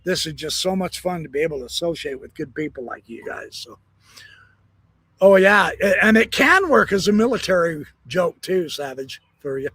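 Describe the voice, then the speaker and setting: Jokey backyard streamer, a man with a husky, slightly high voice who rambles cheerfully. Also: lively intonation, moderate pace, fairly bright tone, dry recording. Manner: rambling, jokey, laughs at own jokes. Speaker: live stream host. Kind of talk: casual live-stream chat. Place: backyard, outdoors.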